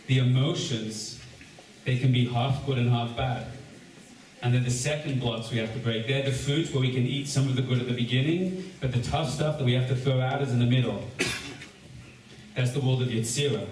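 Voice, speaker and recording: Energetic rabbi teaching in an echoey room. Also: male voice, medium pitch, normal speed. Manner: joking, energetic, addresses the crowd directly. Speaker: rabbi leading a seder. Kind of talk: lively teaching to a live gathering. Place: large echoey room with a gathering. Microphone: distant room recording. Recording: echoey room recording from far off with background noise.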